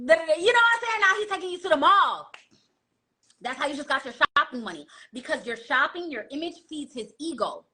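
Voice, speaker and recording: A woman's voice: high voice, animated, brisk, pushed and bright. A woman giving blunt dating advice in a casual monologue, lecturing and asking rhetorical questions.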